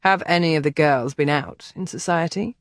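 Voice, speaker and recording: A woman's voice: deep voice, dry recording, close to an everyday voice. A woman voicing a blunt young nobleman. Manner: measured, blunt, dry. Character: confident young aristocratic man, dry and blunt.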